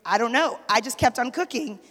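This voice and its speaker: Preaching in the sanctuary, this pastor's wife speaks a little fast in a high voice that rings out with a long echo. Her sermon is an energetic story, and she keeps inviting the congregation to answer back.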